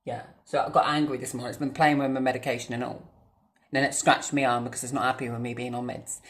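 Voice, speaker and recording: A young woman, vlogging at home. She swears constantly and swings between low mutters and angry shouting. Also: flat delivery, fast. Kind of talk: casual vlog rant. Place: home, indoors.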